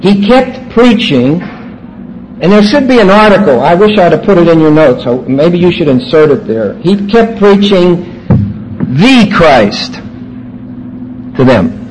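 A male Bible teacher with a fairly high voice lectures at an unhurried pace. He stresses key words emphatically and points his class back to their notes. A faint hiss sits under the recording. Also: expressive, poor audio.

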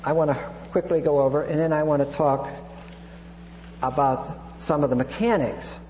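A man's voice: a little high, fairly even intonation, normal speed, mellow. A man preaching an expository Bible sermon, teaching with frequent restarts and asides. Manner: teaching, digresses with repeated restarts and Greek terms. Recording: echoey hall with hum.

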